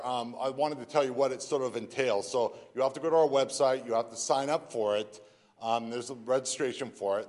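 A man giving church announcements in a chatty, rambling way, choked up with emotion. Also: medium pitch. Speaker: announcements speaker.

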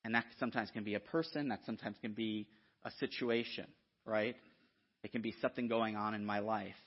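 A man preaching a sermon in an animated, conversational way, often checking in with the listeners. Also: fairly low pitch, a little fast. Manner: animated, conversational, frequent "right?" asides. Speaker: guest preacher. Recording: dull lo-fi sound.

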